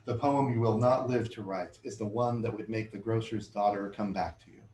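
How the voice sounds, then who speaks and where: A man's voice: fairly low pitch, fairly even intonation, mellow. Man reading his poems aloud in a roomy hall. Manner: measured, deliberate reading, chatty and self-amused between poems. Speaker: poet giving a reading. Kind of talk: poetry reading with spoken asides. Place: bookshop reading room with audience. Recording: roomy hall sound, faint room noise.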